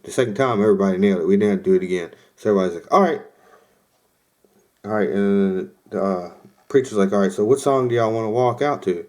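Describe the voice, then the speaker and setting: A man's voice: on the low side, fast talker, a little mellow. A young man hosting a podcast, casually telling a rambling story with lots of fillers and quoted asides. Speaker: podcast host.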